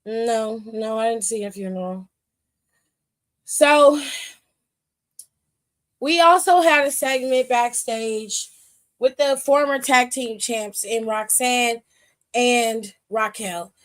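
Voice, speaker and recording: A woman's voice: on the high side, slow pace, pauses often. A woman hosting a wrestling aftershow, recapping in blunt, profane casual talk with heated sassy asides. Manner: blunt and profane, retells scenes by acting out both sides; sassy, heated asides to the people she talks about. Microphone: streaming setup.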